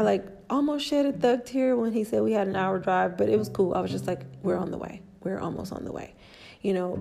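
A woman vlogger casually telling a travel story, chatty and lively, acting out the people she quotes. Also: fairly low pitch, gravelly.

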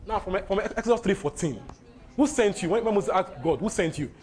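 A man's voice: high-pitched, lively intonation, brisk, a little mellow, soft background music. Emphatic man teaching the Bible. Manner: emphatic, repeats key phrases, interrupts the reader. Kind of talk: commenting on a scripture reading.

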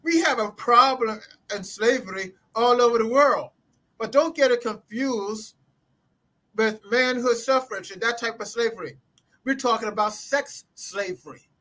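Emphatic interview guest, man, high voice, preaching cadence. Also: unhurried, pushed and bright, poor audio. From United States. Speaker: guest scholar. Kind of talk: impassioned interview talk. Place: Orlando.

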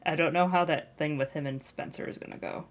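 Low-voiced woman musing on a podcast. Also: steady tone, a little fast. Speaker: podcast co-host. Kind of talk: casual podcast chat.

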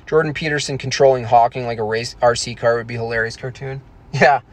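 A man's voice: medium pitch, fairly even intonation, fairly quick. A man chatting casually, rambling and joking irreverently as he reacts to comments. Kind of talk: casual chat.

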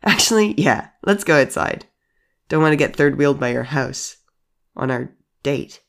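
A man voicing a shy, teasing young man in a storybook audio drama, gentle and wry. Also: a little high, lively intonation, moderate pace, creaky. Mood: bashful.

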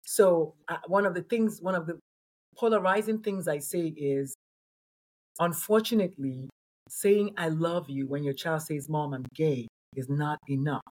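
Emphatic husky-voiced woman. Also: deep voice, unhurried, a little mellow. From Nigeria. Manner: emphatic, repeats phrases for effect. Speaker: pediatrician and coach, guest. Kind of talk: animated interview talk.

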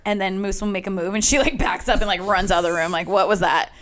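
Animated laughing woman chatting. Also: medium pitch, fast. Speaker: podcast guest. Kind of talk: casual chat.

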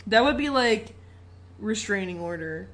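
A woman co-hosting a podcast, animated and laughing as she recaps a movie in casual chat, swearing freely along the way. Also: mid-range voice, a little slow. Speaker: podcast co-host.

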